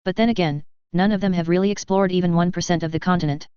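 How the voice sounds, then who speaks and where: A narrator reading a fantasy web novel aloud in a steady, even audiobook style. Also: mid-range voice, fast talker, smooth, no echo, muffled recording.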